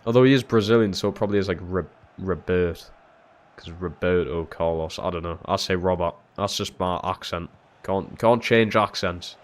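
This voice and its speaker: A young man streaming a football video game, giving live commentary that drops to low mutters and jumps to shouts when something big happens, with plenty of swearing. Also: a little fast.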